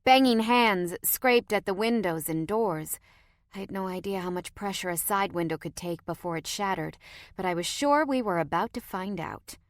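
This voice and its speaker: A woman's voice: medium pitch, lively intonation, moderate pace, dry recording, clean studio sound. A woman reading a first-person audiobook with tense, dramatic storytelling. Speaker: audiobook narrator.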